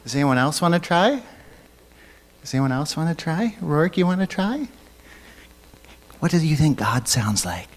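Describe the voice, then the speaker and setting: A man leading a church children's message, gently asking the kids questions and waiting for their answers. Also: fairly high pitch, very animated, normal speed, long pauses. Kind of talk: children's sermon.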